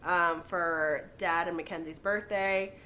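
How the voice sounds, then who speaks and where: A woman's voice: fairly low pitch, steady tone, slow pace, bright, forceful tone, slight background noise. A woman talking as a guest on a podcast, chatty and laughing between remarks. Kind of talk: casual chat.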